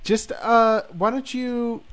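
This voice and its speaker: A man co-hosting a casual podcast, teasing the others in a halting, joking way. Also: extremely high pitch, fairly even intonation, a bit bright, smooth. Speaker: podcast co-host.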